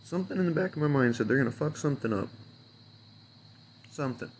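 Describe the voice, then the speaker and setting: Fed-up man, mid-pitch voice, sarcastic profane rant with faint background hiss. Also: expressive, quick pace. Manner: fuming, sarcastic, heavy swearing, loose and rambling. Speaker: unhappy customer venting. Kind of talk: angry profane rant to camera.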